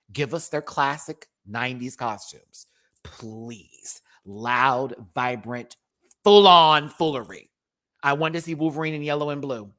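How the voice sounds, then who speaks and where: An American man hosting his own channel, reviewing a show in a casual live-stream rant, sassy and jokey. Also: medium pitch. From United States. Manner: animated, sassy, jokey, with laughs.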